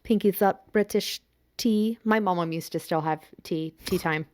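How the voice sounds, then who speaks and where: Joking lower-voiced woman co-host. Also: measured pace, a little mellow. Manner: joking, playful banter. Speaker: podcast co-host. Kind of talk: casual chat.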